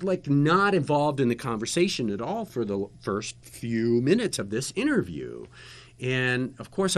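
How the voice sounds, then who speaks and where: Man telling a lively anecdote. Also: mid-range voice. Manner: lively anecdotal storytelling with laughter. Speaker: guest, former TV interviewer. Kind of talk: casual storytelling chat.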